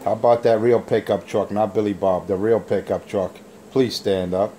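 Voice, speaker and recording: A man trash-talking rivals over a handheld radio mic, boasting and taunting in a slow drawl. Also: fairly low pitch, fairly even intonation, noisy background. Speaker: CB radio operator. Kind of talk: on-air radio banter.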